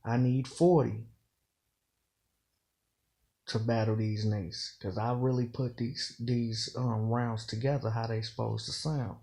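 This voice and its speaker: A man's voice: mid-range voice, level tone, normal speed, hardly any pauses, a little mellow. A man giving casual commentary on battle rap, explaining slang and double meanings and often saying "you know". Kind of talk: casual bar breakdown commentary.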